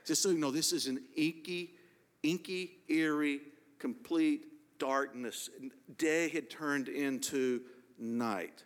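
Man preaching, kinda high voice, slows way down on the big words, long echo like a big church hall. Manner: earnest preaching, slows and stresses key words. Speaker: pastor. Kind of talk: sermon.

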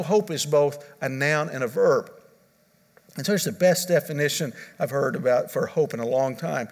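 A man's voice: medium pitch, big-room sound. A man preaching a sermon as pastor, earnest, repeating his key points and restarting phrases as he goes.

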